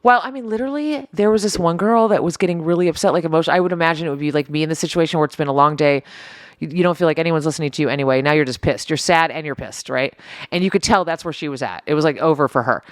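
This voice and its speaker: Animated woman podcast co-host. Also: on the low side, no room sound, clean studio sound. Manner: animated, quotes people in acted voices. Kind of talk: casual chat.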